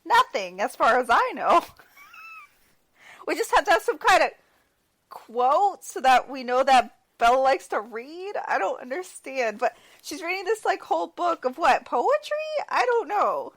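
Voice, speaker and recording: Higher-pitched, animated woman podcaster, wry and chatty. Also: a little slow. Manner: sarcastic, lively, laughs often. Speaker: podcast co-host. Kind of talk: casual movie recap chat.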